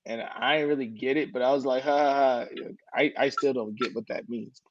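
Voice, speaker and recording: A man co-hosting a casual podcast, telling an animated story about a stranger. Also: medium pitch, brisk, muffled recording. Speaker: podcast co-host. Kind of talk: casual chat.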